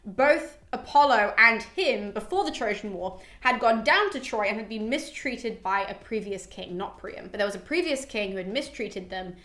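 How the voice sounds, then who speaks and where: A woman's voice: medium pitch, animated, normal speed, fairly bright tone. Chatty British woman in a roomy room. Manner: chatty, swears freely, many "like" fillers. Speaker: mythology podcast host. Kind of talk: casual retelling of a classic poem. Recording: roomy echo.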